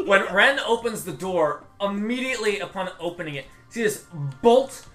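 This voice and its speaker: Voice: mid-range voice, big pitch swings, normal speed, fairly bright tone, soft background music. A game master narrating a tabletop game scene, descriptive and often laughing. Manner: descriptive, laughs between lines.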